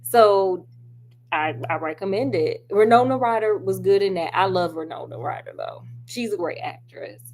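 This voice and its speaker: A woman's voice: mid-range voice, lively intonation, moderate pace, darkish tone. A woman chatting casually about a film with lots of asides, talking straight to her viewers while she does crafts at home. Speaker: film reviewer.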